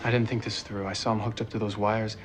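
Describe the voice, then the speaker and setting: An actor playing an earnest young hero. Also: male voice, lowish voice, flat delivery, fast, soft background music, lightly acted.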